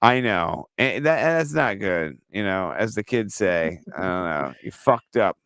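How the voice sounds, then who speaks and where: A man co-hosting a fantasy football show, joking, teasing and swearing casually. His pitch swings widely as he talks. The sound is close and dry. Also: a little slow, dry recording. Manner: joking, profane, animated banter. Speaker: podcast co-host.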